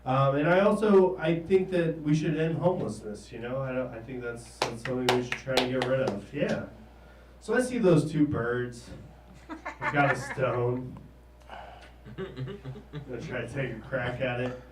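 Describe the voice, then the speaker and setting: Halting stand-up comic man, roomy distant sound. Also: mid-range voice, noisy background. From American South. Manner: halting, trailing off with "I don't know", chuckling at his own jokes. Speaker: stand-up comedian. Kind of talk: stand-up comedy set. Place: comedy stage in a small room. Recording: roomy, distant live room recording.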